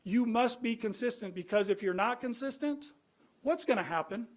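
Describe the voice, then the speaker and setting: High-voiced man arguing at a public hearing. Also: animated, normal speed. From California. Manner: earnest, argumentative, with many restarts and rhetorical questions. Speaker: citizen speaking at a planning commission. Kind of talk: public comment with slides.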